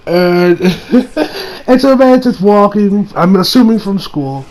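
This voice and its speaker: Young man, high voice, rambling casual recap, playful, laughs between lines. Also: animated, slow, a little mellow, poor audio. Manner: rambling and playful, laughs often and retells scenes. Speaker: anime episode reviewer.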